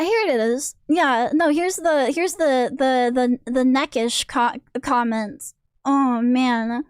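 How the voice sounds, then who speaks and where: A woman's voice: high-pitched, slow, smooth, dry recording, studio quality. A woman streamer in a casual rant, rambling and restarting her sentences, sounding exasperated. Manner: rambling, self-interrupting, exasperated.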